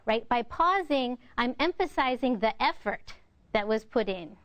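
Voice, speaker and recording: Crisp, dry-voiced woman coaching a workshop. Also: on the high side, animated, unhurried, no room sound. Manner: clear, coaching, models intonation examples. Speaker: workshop presenter. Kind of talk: interactive workshop lecture.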